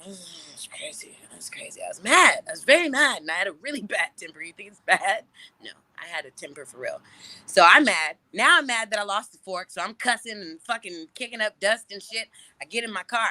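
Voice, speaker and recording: A woman, an interview guest, telling a story in casual, profane, animated talk and laughing often. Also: medium pitch, brisk.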